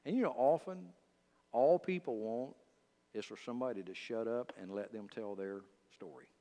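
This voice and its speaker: A man, teaching a church Bible study at a middle pitch. He talks informally and straight to the room. His voice carries a long reverb from the church hall. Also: moderate pace. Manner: conversational, talks straight to the listeners, with lively asides. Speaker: pastor.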